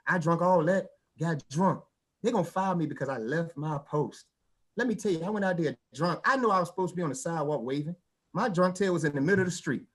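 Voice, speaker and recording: Male stand-up comic, high voice, animated storytelling, vernacular delivery. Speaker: stand-up comedian. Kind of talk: stand-up comedy set.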